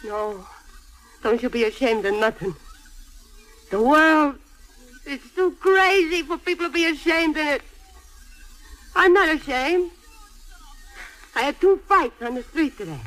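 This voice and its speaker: An actress playing a blunt, grieving widow and seamstress. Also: female voice, high voice, measured pace, pauses often, a bit bright, soft background music, rough recording. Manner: blunt, scolding then tender. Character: fiery grieving Italian-American widow seamstress. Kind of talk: stage or film drama acting.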